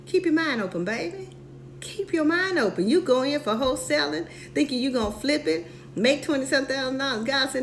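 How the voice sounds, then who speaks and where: Lively woman telling a mentoring story. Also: high-pitched, a little fast, a little hiss or hum. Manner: animated storytelling, repeats key points; acts out both sides of conversations. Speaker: real estate mentor. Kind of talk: motivational live-stream talk.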